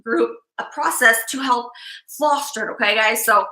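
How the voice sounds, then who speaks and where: A woman from Chicago hosting a live psychic stream, talking fast with intense energy. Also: fairly high pitch, pushed and bright, echoey room, rough recording. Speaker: psychic livestream host. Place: live-stream setup, indoors.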